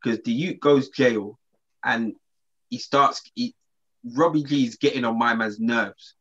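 A man in a casual podcast chat. He talks in easy slang, stops and restarts often, and keeps a steady middle pitch. The sound is a bit dull and lo-fi. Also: unhurried, husky. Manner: relaxed slangy storytelling with many restarts. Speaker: podcast co-host.

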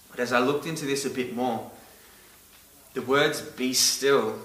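A man's voice: lowish voice, bright, forceful tone. A man preaching a sermon in an earnest way, stressing key words hard. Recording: roomy, echoey from a distance.

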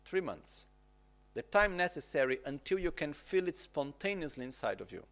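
Calm, softly higher-voiced man teaching meditation. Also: normal speed. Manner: calm, repetitive instructive phrasing, checks in with "okay?". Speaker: Buddhist teacher. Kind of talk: dharma teaching on retreat.

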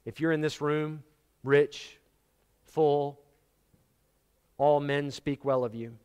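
A man's voice: a little high, fairly even intonation, slow, darkish tone, clear, resonant tone. A man preaching a sermon, telling stories dramatically and acting out the voices of the people in them. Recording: long hall reverb.

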